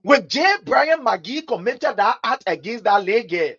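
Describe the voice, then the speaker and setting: High-voiced Liberian man on a heated political rant. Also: animated, unhurried, husky, muffled recording. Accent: Liberian English. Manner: preachy, swings from loud outbursts to low mutters. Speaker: political commentator. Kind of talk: impassioned livestream commentary.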